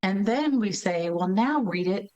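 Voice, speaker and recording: A woman interview guest who directs a learning center, explaining in lively casual talk, acting out children and checking in with tag questions. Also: medium pitch, measured pace, lo-fi sound, a crowd in the background. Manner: animated, acts out children's reading with voices; frequent tag questions, laughs while explaining.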